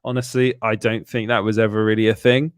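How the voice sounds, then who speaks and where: A man's voice: lowish voice, level tone, fairly quick, a little hiss or hum. A man co-hosting a film podcast, talking with enthusiasm and frequent restarts. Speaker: podcast co-host. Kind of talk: casual chat about films.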